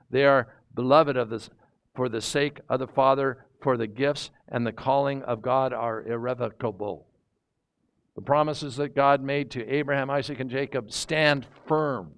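A man teaching a sermon in a conversational way, reading scripture and asking his listeners rhetorical questions. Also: medium pitch. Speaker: preacher.

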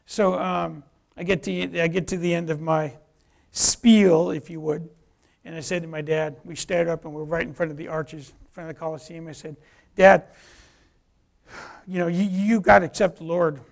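High, gravelly man telling his story. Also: level tone, normal speed. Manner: acts out dialogue, restarts often. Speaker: speaker giving a personal testimony. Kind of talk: animated storytelling testimony.

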